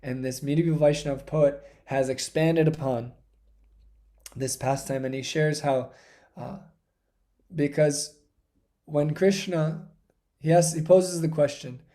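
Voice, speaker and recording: A man giving a devotional talk, telling a sacred story dramatically, swinging from hushed passages to intense ones. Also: a little high, steady tone, slow, pauses often. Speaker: spiritual speaker.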